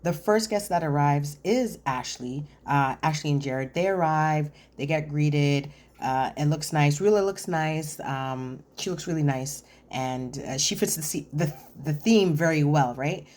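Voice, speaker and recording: Woman, low voice, sassy, chatty, casual recap commentary, addresses viewer directly. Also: unhurried, few pauses, darkish tone. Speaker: reality TV recap host.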